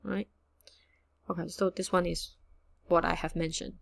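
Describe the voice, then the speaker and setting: A woman teaching a casual online language lesson, chatty and relaxed, mixing English and with frequent fillers. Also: lowish voice, unhurried, creaky. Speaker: Cantonese teacher.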